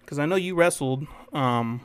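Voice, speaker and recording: A man's voice: fairly high pitch, moderate pace, clean tone, dry recording. A young man co-hosting a podcast, telling school stories in a rambling, swear-filled casual chat. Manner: rambling storyteller, swears freely. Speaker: podcast co-host.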